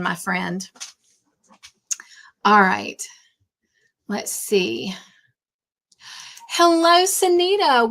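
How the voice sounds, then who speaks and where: A woman hosting a casual live stream, warmly greeting chat viewers by name and chatting between tasks. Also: mid-range voice. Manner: warm, effusive greetings to chat viewers, easily sidetracked. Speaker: livestream host.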